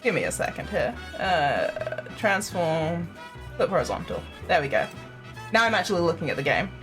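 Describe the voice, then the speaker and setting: A young woman streaming a game, chatty and self-deprecating, breaking into giggles between remarks. Her pitch bounces widely as she talks, and faint game music plays underneath. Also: sing-song, normal speed. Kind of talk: casual live-stream chat.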